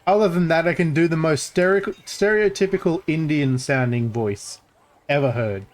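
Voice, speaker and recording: A man's voice: on the high side, measured pace. Joking, sarcastic male game streamer. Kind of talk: casual gameplay commentary.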